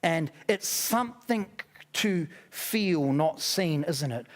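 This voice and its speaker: A man's voice: on the high side, expressive, takes it slowly. A man with a New Zealand accent, a pastor preaching a sermon in a church, telling stories with self-deprecating humor. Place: church auditorium.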